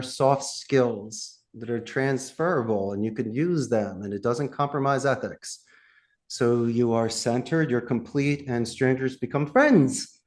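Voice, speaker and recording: Punchy, animated male business coach. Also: mid-range voice. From United States. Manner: punchy coaching talk full of rhetorical questions. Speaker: guest, telemarketing trainer. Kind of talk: podcast interview.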